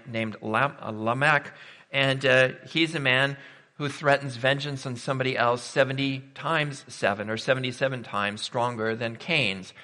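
A man's voice: medium pitch, pushed and bright. A man preaching a sermon, emphatic and full of rhetorical questions. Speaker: pastor. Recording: reverberant hall.

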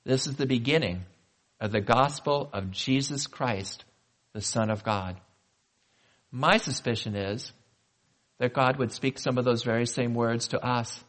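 A male pastor delivering a sermon in a conversational manner, asking the congregation questions and slowing down for emphasis. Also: medium pitch, fairly bright tone. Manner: conversational preaching with rhetorical questions and slow emphatic pauses.

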